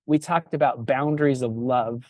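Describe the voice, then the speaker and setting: Middle-aged male pastor, reflective podcast guest, mid pitch. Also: fairly even intonation, moderate pace, a little mellow, dry recording. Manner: reflective, restarts phrases often. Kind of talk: casual podcast conversation.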